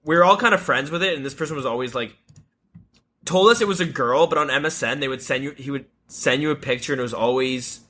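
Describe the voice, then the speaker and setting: A young adult man co-hosting a podcast tells a rambling story during casual chat, swearing freely and laughing at his own tales. He talks fast in a mid-range voice with a sharp tone.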